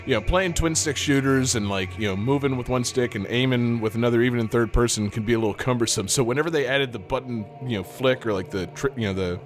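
A man's voice: medium pitch, fast talker, hardly any pauses, faint music behind. A man co-hosting a podcast, chatting casually about a video game in a rambling way, with lots of fillers and laughter. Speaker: podcast co-host.

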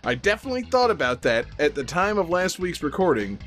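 A man's voice: fairly high pitch, very animated, brisk, a bit bright, faint music behind. A man hosting a game-show podcast in casual joking chat, upbeat and teasing, laughing often.

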